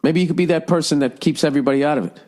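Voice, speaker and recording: A man's voice: rapid-fire, a little mellow. A middle-aged man hosting a podcast, rambling casually with lots of swearing and sarcastic rants. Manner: profane, ranting, sarcastic, jumps into high mocking voices. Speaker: podcast host.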